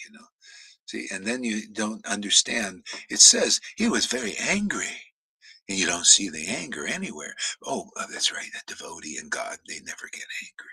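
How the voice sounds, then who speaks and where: A man preaching with fire, shouting in bursts, then dropping to a mutter, swearing often. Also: high voice, very animated, normal speed, breathy edge, no echo, low-quality recording. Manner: swings from shouting to muttering, profane. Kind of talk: fiery devotional preaching.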